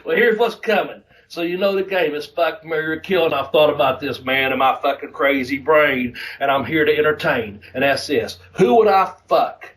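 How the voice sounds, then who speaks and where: Profane, animated male podcast host. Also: a little high, moderate pace, hardly any pauses, far from the mic, low-quality recording. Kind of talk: casual podcast rant.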